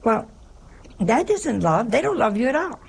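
A woman's voice: fairly high pitch, big pitch swings, moderate pace, gravelly, slightly rough. A woman, a religious sister, giving a sermon in an emphatic way, posing rhetorical questions and dropping at times into a whisper.

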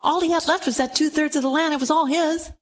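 A woman's voice: sits high, fairly even intonation, fast talker, a little hiss or hum, lightly acted. A woman preacher voicing a loving elderly father who exclaims with joy and pleads with his son. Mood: tender. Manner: exclaiming, emphatic.

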